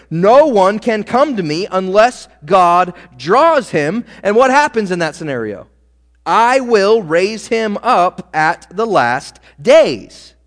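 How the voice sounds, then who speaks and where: A man delivers a sermon with lively, animated swings in his voice, acting out the crowd and quoting scripture. His voice sits fairly high for a man. The sound carries a long reverb, as in a large church hall. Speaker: pastor.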